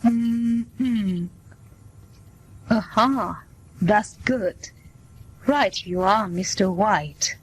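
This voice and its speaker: A woman voices a kindly family doctor in a learners' scripted dialogue, reading slowly and plainly in a reassuring tone. Her mid-range voice has a breathy edge, captured in a low-quality recording.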